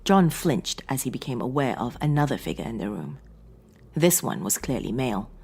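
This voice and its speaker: Woman horror narrator, deep husky voice, dramatic and expressive. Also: normal speed.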